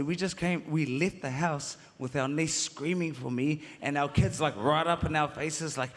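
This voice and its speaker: A man's voice: fairly high pitch, a little slow. A man with a New Zealand accent giving a rambling, playful acceptance speech, often laughing. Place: concert hall stage. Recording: large echoing hall with crowd noise.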